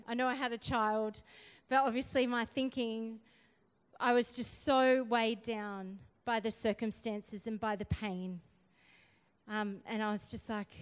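Woman preacher, sermon testimony, slow measured delivery, smooth clear voice, long hall reverb. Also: a little high, little pitch movement. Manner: quiet and subdued in the story, rising to forceful exhortation.

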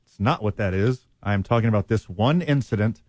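A man's voice: fairly low pitch, brisk, a little mellow, no echo. A man hosting sports talk radio, blunt and sarcastic as he argues. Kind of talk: heated sports talk debate.

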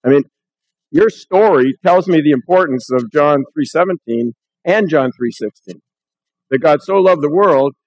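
A man's voice: a little high, expressive, moderate pace, darkish tone, muffled recording, slight background noise. A man pastor preaching a sermon in a church, talking conversationally and reading scripture aloud.

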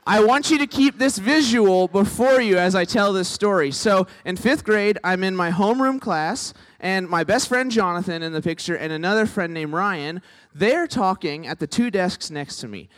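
Man preacher, easygoing sermon voice slightly above average in pitch, joking and telling stories about himself. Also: fairly bright tone. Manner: conversational, tags lines with "right?"; self-deprecating storyteller.

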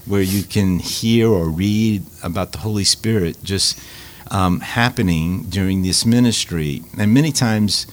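Deep-voiced man, halting. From Louisiana. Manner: halting, repeats words, many fillers. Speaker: Catholic food ministry leader. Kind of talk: casual interview storytelling.

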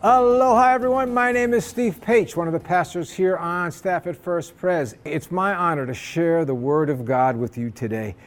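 A man's voice: fairly high pitch, normal speed, hardly any pauses, faint music behind. A man, an assistant pastor, preaching a sermon in a conversational storytelling way.

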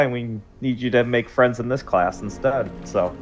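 A man's voice: mid-range voice, moderate pace, faint music behind. A man in his late thirties chatting casually and laughing easily as co-host. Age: 30s. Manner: laughing, easygoing. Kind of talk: casual chat.

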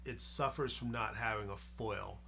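A man co-hosting a casual podcast, building his points slowly and thoughtfully. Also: lowish voice, steady tone, vocal fry, pushed and bright, slight background noise. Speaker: podcast co-host. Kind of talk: casual group discussion.

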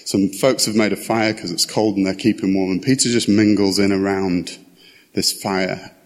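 Low-voiced preacher in a reverberant hall. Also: male voice, fairly even intonation, moderate pace. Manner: conversational, chatty asides. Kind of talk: casual sermon with scripture reading.

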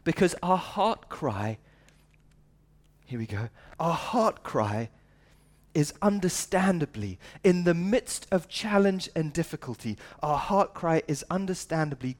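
A man's voice: a little high, animated, unhurried. A middle-aged man preaching a sermon at a church service, earnest and conversational, asking rhetorical questions. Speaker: pastor.

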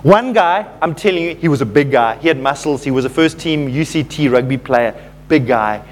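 A man's voice: on the high side, animated, moderate pace, slight background noise. A man preaching a sermon, telling a story to his congregation and calling them folks, growing fervent as he goes.

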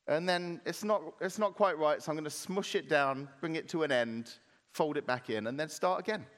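A man preaching a sermon as pastor, animated, acting out playful voices in his retelling. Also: a little high, normal speed, big-room sound. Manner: animated, acts out voices of clay and potter.

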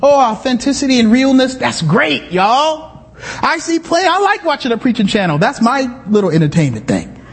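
A male pastor preaching a sermon in a church, conversational and animated, with asides and sudden shouts. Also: very high voice, normal speed, slightly rough, long reverb tail. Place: church sanctuary.

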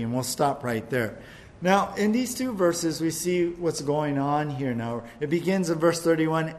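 Guy pastor teaching a wednesday bible study in church, upbeat and chatty, voice on the higher side. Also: normal speed. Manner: lively, conversational preaching with jokes.

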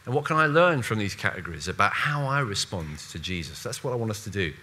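A man preaching a sermon in a conversational, animated way, with playful asides and voiced quotes. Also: fairly low pitch, quick pace, a little hiss or hum.

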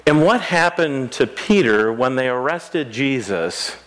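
A man's voice: medium pitch, lively intonation, unhurried, a bit bright. A middle-aged man preaching a sermon in a church, talking casually with the congregation, asking them questions and acting out scripture dialogue. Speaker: pastor. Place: church sanctuary.

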